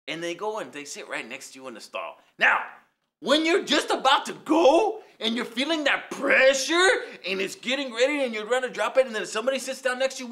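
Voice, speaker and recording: A man voicing a loud, brash Mexican taco-shop character with a Mexican accent, ranting through a rambling comic monologue. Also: sits high. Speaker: comedy character host.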